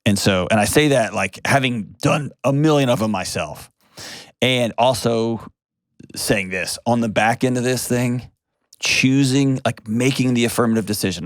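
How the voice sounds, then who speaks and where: A man's voice: mid-range voice, normal speed, no echo, clean studio sound. A middle-aged man, hosting an advice show and talking with a caller in a direct, blunt, plainspoken way, repeating key phrases. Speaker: host.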